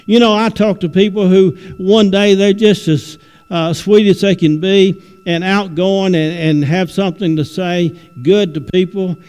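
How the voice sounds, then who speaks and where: A man with a high voice preaches a plain, folksy sermon, stumbling and restarting as he goes. His voice rings with a long reverb through the church sanctuary. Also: fairly even intonation, measured pace, darkish tone, clean tone. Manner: folksy, repeats words and restarts often. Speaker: visiting preacher.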